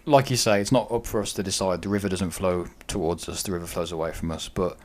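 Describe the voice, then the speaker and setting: Male podcast co-host, very deep voice, measured and reflective. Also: steady tone, darkish tone. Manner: thoughtful, weighs both sides. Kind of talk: casual discussion.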